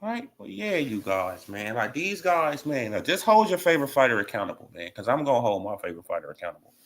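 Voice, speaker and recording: A boxing commentary channel host rants fast and casually in slang. He's animated, swinging from shouting to low mumbling.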